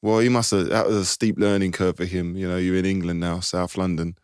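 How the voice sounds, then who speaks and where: A man's voice: deep voice, level tone, fairly quick, a little mellow, clean tone, no echo, studio quality. A man hosting a podcast interview, affirming his guest and prompting him with reflective questions. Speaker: podcast host. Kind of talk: casual interview.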